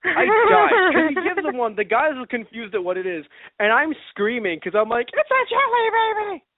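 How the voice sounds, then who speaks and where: A man's voice: extremely high pitch, lively intonation, moderate pace, dry recording. A man co-hosting a casual fan review podcast, talking animatedly, acting out reactions and laughing often. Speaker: podcast co-host. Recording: dry, phone-like lo-fi sound.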